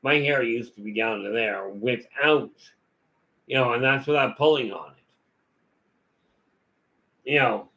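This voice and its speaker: A man's voice: mid-range voice, measured pace, pauses often, bright, forceful tone, rough recording. A man giving a rambling, folksy talk full of stories and asides as a vlog host. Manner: folksy, storytelling, many "you know" fillers.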